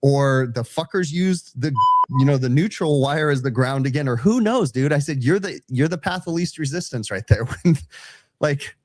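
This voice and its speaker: Speaking at a moderate pace in a slightly high voice with no echo, this man, an HVAC tech and podcast co-host, shares a story from work on a laid-back trade show. He animatedly acts out both sides of his exchanges with customers and keeps saying "dude."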